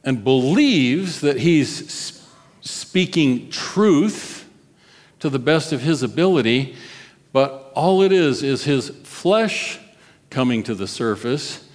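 A male pastor preaches in a conversational, expressive way and often turns to his listeners with questions. He speaks slowly and deliberately at a mid pitch, and his voice rings in a long hall reverb. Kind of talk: sermon.

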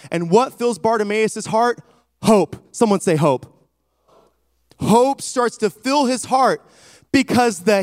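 A male preacher with a high voice delivers an emphatic sermon, dramatically retelling a scripture story. He calls on the congregation to respond. The sound is dry and close. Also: no echo.

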